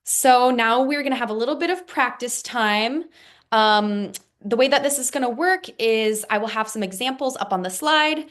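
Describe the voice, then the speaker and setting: A woman's voice: fairly high pitch, normal speed, fairly bright tone. A woman teaching a music lesson, patiently explaining rhythms and counting them out aloud.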